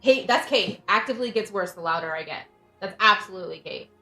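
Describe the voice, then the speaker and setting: A woman's voice: medium pitch, expressive, a little fast, gravelly, pushed and bright. Frustrated, rambling woman in a roomy echo. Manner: venting, frustrated, rambling with restarts. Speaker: livestream host, parent. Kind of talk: casual chat. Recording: roomy echo, faint music behind.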